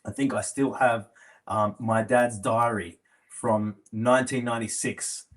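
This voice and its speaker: A musician talking in a casual chat show, calmly remembering his father's band. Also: medium pitch, unhurried. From Australia.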